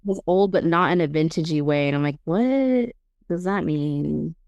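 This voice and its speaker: A woman's voice: low-pitched, normal speed, a little mellow, no room sound, lo-fi sound. A woman co-hosting a podcast, chatting casually and thoughtfully about the story. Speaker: podcast co-host. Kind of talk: casual chat.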